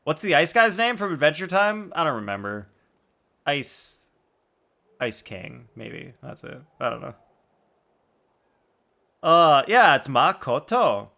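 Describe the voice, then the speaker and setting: A man's voice: a little high, expressive, takes it slowly, creaky, pauses often, bright, forceful tone. A man live-streaming a video game, chatting casually and animatedly with his chat and laughing often.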